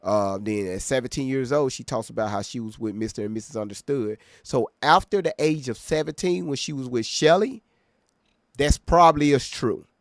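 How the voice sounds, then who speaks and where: A man's voice: medium pitch, moderate pace, no echo, studio quality. A man hosting a reaction video, talking straight to his viewers in an emphatic way and often checking they follow him. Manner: emphatic, keeps checking in with listeners. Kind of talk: casual commentary to viewers.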